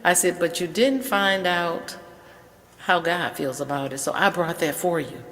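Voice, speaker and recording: An older woman calmly telling a personal story on a call-in show, quoting the people in it. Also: fairly low pitch, long reverb tail. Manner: unhurried, quotes dialogue in her story. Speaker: caller sharing an experience. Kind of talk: casual storytelling.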